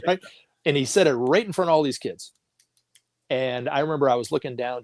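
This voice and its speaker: A man's voice: mid-range voice, fairly quick, no room sound. A man talking as a guest on a talk show, telling stories casually and acting out the voices of the people in them, laughing often.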